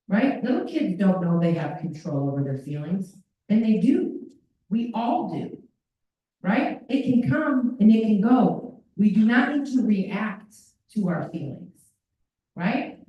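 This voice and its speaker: A woman's voice: mid-range voice, expressive, measured pace, highs cut off. A woman presenting at a parent workshop, talking animatedly and acting out children's voices. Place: school meeting room. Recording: echoey room from far off.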